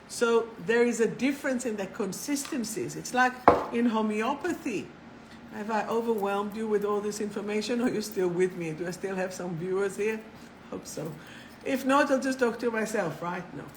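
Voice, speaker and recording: A woman hosting a live spiritual talk, chatty and animated, swearing casually and laughing at herself. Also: mid-range voice, moderate pace, slight background noise, low-quality recording. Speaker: spiritual coach and live show host.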